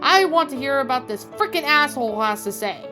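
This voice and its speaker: A woman's voice: high voice, expressive, brisk, over music, voice pushed up. A woman reading the lines of a hot-headed young man, snapping and cursing in a fan fiction reading. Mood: angry.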